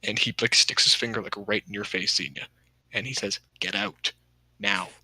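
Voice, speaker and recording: A man runs a tabletop game, describing scenes in a loose, hesitant way. His voice is husky and very bright, and it sounds close and dry. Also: fairly low pitch, brisk, no echo, poor audio. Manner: casual, hesitant with fillers. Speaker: game master.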